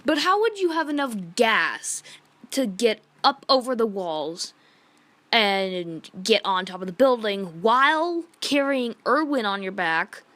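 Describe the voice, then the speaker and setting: A woman's voice: fairly high pitch, expressive, measured pace, fairly bright tone, no echo. A woman giving a casual, exasperated review rant, retelling events in a rambling way full of "like". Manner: rambling retelling, heavy use of "like"; exasperated and indignant. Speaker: manga reviewer.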